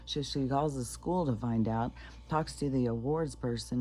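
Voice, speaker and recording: A woman's voice: a bass voice, measured pace, dark tone. A woman rambling through stories in a casual vlog, swearing freely and filling gaps with ums and restarts. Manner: chatty, profane, many fillers and restarts. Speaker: spiritual vlogger.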